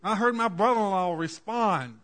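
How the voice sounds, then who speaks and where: Male preacher, 40s, slightly high voice, folksy sermon storyteller. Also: moderate pace. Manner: folksy storytelling, swings from quiet asides to loud cries. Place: church.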